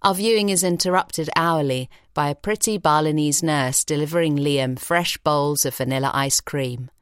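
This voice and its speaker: A woman reading an audiobook story in a measured, expressive way in a recording studio. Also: deep voice, clear, resonant tone, no echo. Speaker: audiobook narrator. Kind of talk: scripted narration. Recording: dry studio sound.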